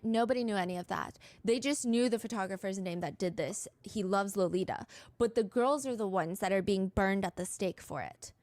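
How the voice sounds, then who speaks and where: Woman, true-crime podcast narrator, brisk storytelling, dry close mic, mid pitch. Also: darkish tone, no echo. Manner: brisk storytelling, quoting texts.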